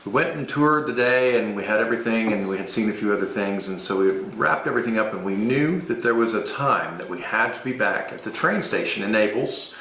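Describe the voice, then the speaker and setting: A man recounting a wild cab ride abroad as an expat, telling it with animated energy and vivid sound effects. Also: fairly low pitch, brisk, few pauses. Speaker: expat storyteller. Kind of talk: casual travel storytelling. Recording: roomy echoey room.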